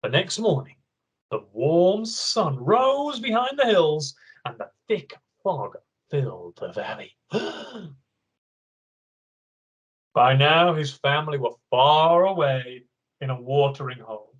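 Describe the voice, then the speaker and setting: A man teaching an online writing lesson, reading a picture book aloud in an expressive, encouraging way. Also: fairly high pitch, unhurried, low-quality recording.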